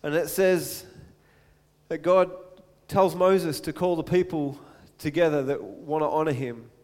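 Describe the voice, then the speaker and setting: A man's voice: on the high side, measured pace, darkish tone, big-room sound. A man preaching a sermon in a conversational way, stopping for asides and acting out the quotes he reads.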